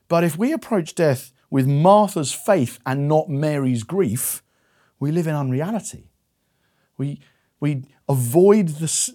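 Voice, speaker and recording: A man preaching a sermon, moving between hushed, slow passages and raised, pleading emphasis. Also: on the high side.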